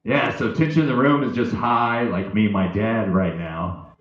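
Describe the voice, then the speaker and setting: A young man performing a stand-up comedy set, animated and jumping into loud high voices for characters. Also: normal speed. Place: comedy club stage. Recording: echoey, dull low-fi live recording.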